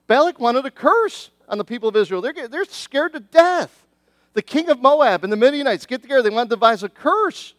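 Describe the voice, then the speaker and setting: Middle-aged man, pastor; high, bright-edged voice, lively conversational sermon delivery, dry sound. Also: moderate pace, dry recording. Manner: animated, conversational preaching with many restarts.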